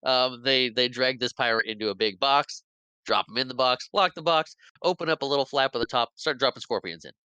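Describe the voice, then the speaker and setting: Lively laughing male podcast host. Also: medium pitch, brisk, clear, resonant tone, dry recording, dull audio. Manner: animated, laughs often, acts out lines. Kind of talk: casual chat retelling a film.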